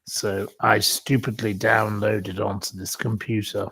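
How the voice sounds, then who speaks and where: A man chats his way through a live stream, unhurried and apologetic, dropping the odd swear word. His voice has a gravelly edge. The sound is dry and close from a computer mic. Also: on the low side, level tone, a bit bright, dry recording. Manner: chatty, self-deprecating, apologetic, swears casually. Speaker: livestream host. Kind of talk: casual live-stream chat with quiz. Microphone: computer webcam mic.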